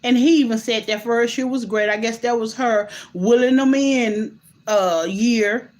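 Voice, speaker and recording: Woman host, casual vlog commentary, slightly high pitch, animated and incredulous, addresses viewers directly. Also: measured pace. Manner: animated, incredulous, many restarts and asides to viewers.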